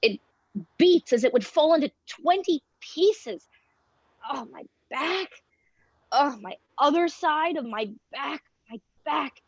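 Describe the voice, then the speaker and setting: A woman's voice: sits high, animated, slow pace, no room sound, lo-fi sound, full character voice. A woman reading the part of a weary, teasing old nurse in a table read of a play, complaining with groans and whispered asides.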